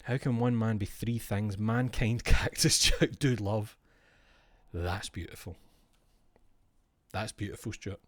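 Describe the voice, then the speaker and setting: A man's voice: lowish voice, slow pace, long pauses, no room sound, studio quality. A man streaming, chatting casually in a rambling, profane, jokey way.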